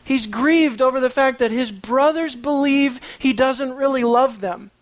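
A preacher giving a conversational sermon on a Bible passage, often asking the listeners questions and telling the story with dramatic swings between quiet and excited. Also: high voice, measured pace, dry recording.

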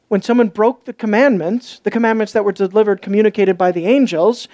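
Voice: darkish tone, no room sound. A preacher giving an expository sermon, emphatic and urgent, asking the listeners questions and repeating words. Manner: rises to urgent, high-pitched stress.

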